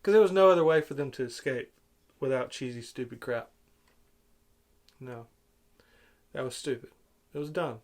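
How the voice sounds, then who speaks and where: A man giving an exasperated, sarcastic film review rant, swinging between loud outbursts and low muttering. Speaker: movie reviewer.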